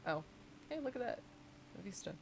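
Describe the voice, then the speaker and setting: A woman's voice: fairly high pitch, very animated, moderate pace, vocal fry, darkish tone, a little hiss or hum. A woman streamer chatting casually while playing a game, telling stories in a chatty, giggly way. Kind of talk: casual chat while gaming.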